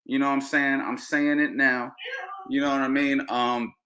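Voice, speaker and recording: A man's voice: medium pitch, normal speed. A man hosting a boxing podcast, ranting heatedly and repeating himself. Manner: animated, ranting, repeats phrases. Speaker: podcast host.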